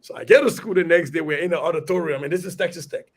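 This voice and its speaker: A middle-aged man from Liberia with a Liberian accent, telling a story in a lively, animated way on a radio talk show. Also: on the high side, very fast. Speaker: radio guest. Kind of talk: storytelling in conversation.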